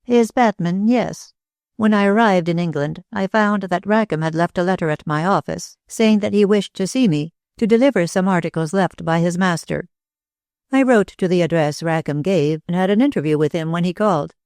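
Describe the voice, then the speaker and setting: A woman voicing a small, intense older male inventor who speaks in a grave, deliberate way in an audiobook. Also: lowish voice, darkish tone, no room sound, studio quality, lightly acted.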